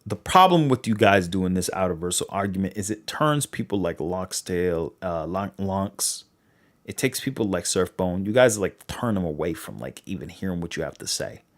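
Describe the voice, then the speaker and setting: A man's voice: sits low, moderate pace. A young man with a Boston accent hosting a livestream, rambling casually and acting out quoted dialogue. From New England. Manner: rambling, animated, full of fillers and quoted dialogue. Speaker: livestream host.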